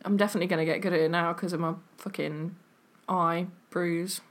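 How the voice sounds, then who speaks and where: A woman's voice: fairly low pitch, fairly even intonation, a little fast. An English woman in casual podcast chat, rambling through a story with plenty of likes and ums. She laughs easily at herself while she talks. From England. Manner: chatty, lots of likes and ums, laughs while telling stories. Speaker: podcast co-host. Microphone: webcam setup, remote call.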